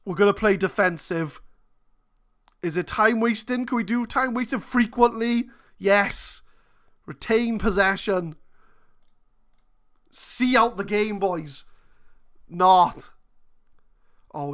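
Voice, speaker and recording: In a mid-range voice, a female gaming host talks through her football management game live, reasoning aloud and alternating between quiet muttering and shouting.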